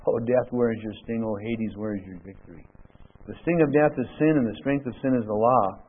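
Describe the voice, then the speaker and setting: Male preacher, husky voice, emphatic sermon delivery, thin phone-band radio sound. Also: medium pitch, fairly quick. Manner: emphatic, swings between loud declaring and quiet asides. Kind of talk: sermon with scripture reading. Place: church with overhead projector. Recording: tinny phone-like radio broadcast.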